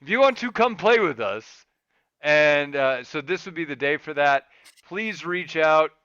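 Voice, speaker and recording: Bright, clear-voiced podcast host. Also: male voice, on the high side, animated, a little slow, no echo, lo-fi sound. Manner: rambling, laid-back. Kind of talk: casual chat. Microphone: podcast mic.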